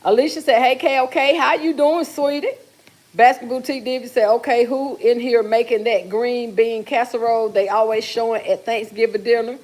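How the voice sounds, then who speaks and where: A middle-aged woman with a fairly high, darkish voice hosts a casual live stream from her kitchen while she cooks. She speaks at a moderate pace with fairly even intonation, reading viewer comments aloud and teasing people in an easygoing, talky way.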